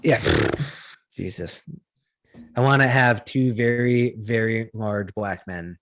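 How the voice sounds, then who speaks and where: A man's voice: on the low side, slow, a bit bright. A man co-hosting a podcast, chatting casually and ranting with a lot of swearing and restarts. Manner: profane, ranting, rambling with restarts. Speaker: podcast co-host.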